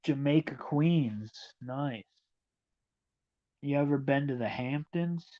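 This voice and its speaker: A man chatting casually on a livestream, musing aloud in a slow, wandering way while he looks over a map. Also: medium pitch, muffled recording.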